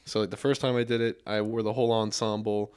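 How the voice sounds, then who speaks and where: A man's voice: lowish voice, flat delivery, fast talker, a little mellow, smooth. A young man, a podcast guest, telling stories in a rambling, casual way with many restarts. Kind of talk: casual chat.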